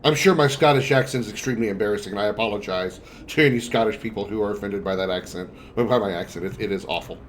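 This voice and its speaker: A man's voice: lowish voice, quick pace, hardly any pauses, a little hiss or hum. A man streaming a video game, giving wry, chatty commentary that is often self-deprecating. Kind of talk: casual gameplay commentary.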